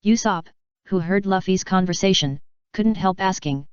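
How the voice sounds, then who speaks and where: A woman narrating a fanfiction audiobook in a steady, even read-aloud manner. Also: medium pitch, normal speed, clean tone, no room sound, lo-fi sound.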